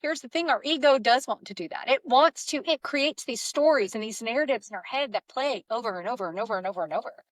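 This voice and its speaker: A woman's voice: on the high side, quick pace, hardly any pauses, no echo. A woman hosting a podcast, talking casually and reflectively, thinking aloud as she goes. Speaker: podcast host. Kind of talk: casual conversational chat.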